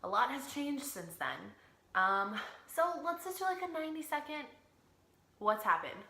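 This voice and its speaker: A woman's voice: high-pitched, big pitch swings, measured pace, pushed and bright. A young woman, a single mom and fitness coach, talking casually and expressively to camera in a vlog. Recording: roomy echo.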